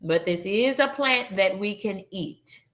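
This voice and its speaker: An adult woman aged 21 or older hosts a casual game night live stream, chatting with viewers she calls "y'all" and reading their answers. Her medium-pitched voice is expressive, a bit bright and unhurried.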